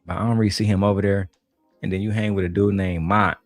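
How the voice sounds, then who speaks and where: A man's voice: lowish voice, level tone, quick pace, no room sound, clean studio sound, soft background music. A man from Detroit reacting to a debate on his stream, ranting bluntly and with heavy profanity.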